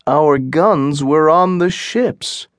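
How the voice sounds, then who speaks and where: A man's voice: on the high side, extremely slow, no echo, studio quality. A man voicing an anxious, timid English colony governor in an audiobook, worried and pleading. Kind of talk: audiobook character reading.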